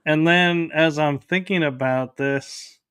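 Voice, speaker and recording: A male host speaks in a measured, reflective way during an interview. His delivery is very slow and his voice is smooth and clear. The sound is dry, with no room around it. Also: fairly high pitch, a bit bright, no echo. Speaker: podcast host. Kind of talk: conversational interview.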